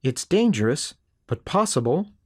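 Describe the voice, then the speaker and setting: A man voicing a calm, knowing woman who speaks in a steady, reassuring way in an audiobook. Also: fairly high pitch, moderate pace, no echo, studio quality.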